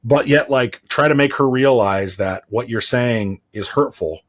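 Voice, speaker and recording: A man's voice: mid-range voice, measured pace. A man in his thirties, a podcast host, chatting casually and telling candid, rambling stories with frequent restarts. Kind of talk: casual chat.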